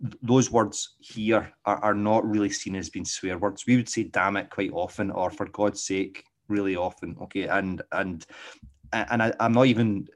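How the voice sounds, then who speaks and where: Middle-aged Glaswegian man with a low voice, easygoing rambling delivery, a dog trainer. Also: steady tone, moderate pace. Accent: Glaswegian Scottish. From Scotland. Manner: rambling, often checks in with "okay?". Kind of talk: casual spoken monologue.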